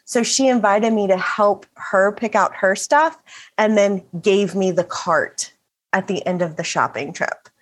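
A woman's voice: mid-range voice, unhurried. A woman is a guest on a podcast. She speaks in an earnest, open and reflective way, at length and without hurry. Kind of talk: casual conversational interview.

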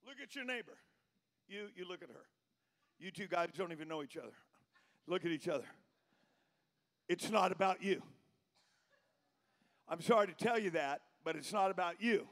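A middle-aged man preaching a sermon as pastor, telling a story that builds into shouted preaching. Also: high-pitched, animated, moderate pace, long pauses.

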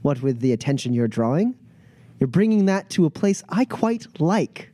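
A man's voice: on the high side, very animated, normal speed, dark tone, no echo, pitched above the performer's own voice. A man voicing a charming, scheming male smuggler who talks in a silky, falsely friendly way. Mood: irritated.

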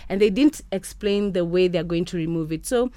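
A young woman from Kenya, a guest in a radio studio, telling stories in a chatty, animated way. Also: on the low side, normal speed, no echo. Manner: chatty, animated storytelling with quoted voices. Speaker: podcast host and interview guest.

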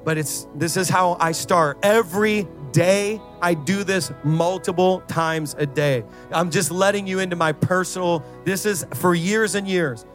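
Preacher guy, high voice, gets all sing-songy and fired up, soft music under him. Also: a little slow, few pauses. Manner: builds to fervent, sing-song prayer crescendos; exhorting the crowd with repeated calls. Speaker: pastor. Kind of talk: sermon.

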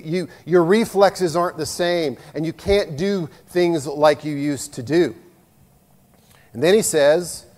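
A man's voice: on the high side, a little mellow. A man, preaching a sermon in a folksy, self-deprecating way with jokes. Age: 50s. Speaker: pastor. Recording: long hall reverb.

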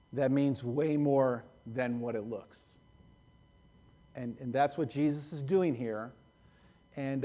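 A man's voice: mid-range voice, a little mellow. A male pastor preaching in a conversational way, repeating phrases and laughing often. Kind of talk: sermon.

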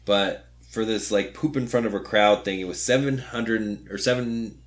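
A man's voice: lowish voice, moderate pace. Rambling male podcast co-host. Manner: rambling, filler-heavy retelling with playful quoted voices. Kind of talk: casual chat.

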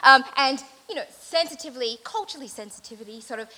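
A woman giving a satirical mock lecture at an event, delivering it deadpan and mock-earnest with many fillers. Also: sits high, quick pace, rough recording. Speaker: event speaker.

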